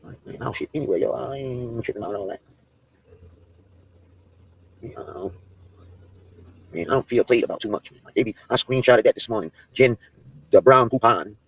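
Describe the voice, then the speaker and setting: A man's voice: medium pitch, normal speed, vocal fry, long pauses, husky. A man on a livestream ranting in a brash, profane, mocking way and roasting people in casual talk.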